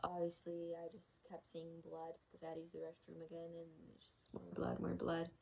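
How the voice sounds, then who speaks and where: A woman's voice: lowish voice, monotone, moderate pace, creaky, warm tone, rough recording. Young woman venting through a frank storytime. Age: young adult. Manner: candid, emotional retelling with frequent swearing; frustrated, exasperated tone. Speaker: vlogger. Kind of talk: personal storytime vlog.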